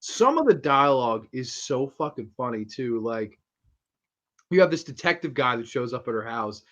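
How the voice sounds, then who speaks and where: A man's voice: mid-range voice, big pitch swings, normal speed, a bit bright. A man hosting a casual horror movie review chat, enthusiastic and laughing as he retells scenes, swearing freely. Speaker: horror movie podcast host.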